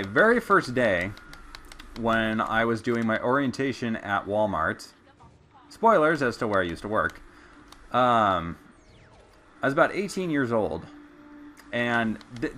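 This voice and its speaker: Animated young man telling stories. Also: medium pitch. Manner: animated, chatty, casual swearing. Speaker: gameplay streamer. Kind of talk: casual storytelling while gaming.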